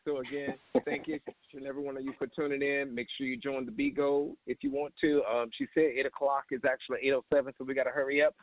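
A man's voice: mid-range voice, flat delivery, fast, few pauses. Brash swearing male host on a phone line. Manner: brash and loose, swears freely. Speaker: show host. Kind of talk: casual radio sign-off. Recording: tinny phone line, dry.

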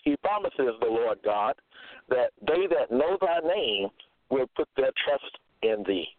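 Man, preacher, slow deliberate scripture talk, repetitive, dry close sound, phone-line audio. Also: mid-range voice, big pitch swings, dry recording. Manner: deliberate, repetitive, quotes verses with frequent "okay?" checks. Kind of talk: slow scripture teaching monologue.

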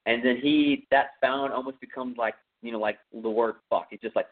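A man talks through a horror film from home in a loose, rambling style, full of fillers. His voice sits at an ordinary pitch, and the sound is thin and phone-like. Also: moderate pace. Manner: rambling, many fillers, conversational. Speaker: podcast host. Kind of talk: casual film recap. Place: home room with a cat.

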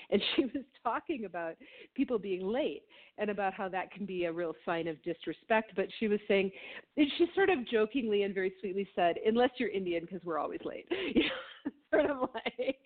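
A woman from Minnesota co-hosting a podcast, reflective and conversational, who trails off and restarts as she thinks aloud. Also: fairly low pitch. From Minnesota, USA. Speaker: podcast co-host. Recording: tinny phone-like audio.

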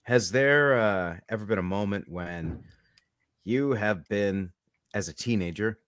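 A man hosting a casual podcast, rambling and joking with his co-hosts. His voice sits on the low side. The sound is dry and close. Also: unhurried, a bit bright, dry recording. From California. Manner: jokey, rambling, asks the guests questions. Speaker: podcast host.

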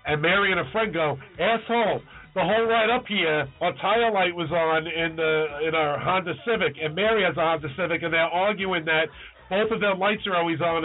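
A man with a slightly high voice tells a long story on a casual podcast, and he acts out every voice he quotes. The sound is tinny and phone-like, with faint music underneath. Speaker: podcast co-host. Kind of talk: casual chat.

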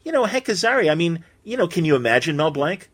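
A man's voice: on the high side, very animated, fast, breathy edge. A man hosting a podcast, talking conversationally and often saying "man" and "you know". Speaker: podcast host. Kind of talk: casual interview chat.

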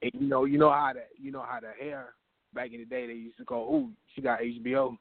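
Here an open mic comedian phones in, speaking fast in a medium-pitched, creaky voice. The audio is narrow and tinny with no echo, and he animatedly acts out the voices in his profane comic story.

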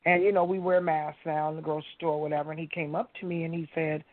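A woman's voice: low voice, flat delivery, quick pace, dry recording. A woman guest on a radio talk show, earnestly telling a personal faith story and speaking straight to the listeners. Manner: earnest, storytelling, addresses listeners as you guys. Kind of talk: casual faith testimony. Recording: tinny phone-like line.

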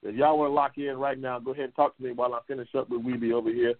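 A man hosting a call-in talk show, heated and profane, repeating himself and jumping into high outbursts. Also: flat delivery, racing, no echo. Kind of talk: loud profane call-in chat. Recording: phone-like lo-fi audio.

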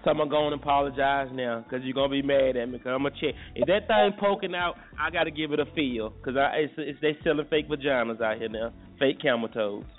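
On his casual morning show, the radio host jokes crudely and swears without restraint. His medium-pitched voice moves a little fast with hardly any pauses, and the recording sounds tinny, like a phone, with faint music.

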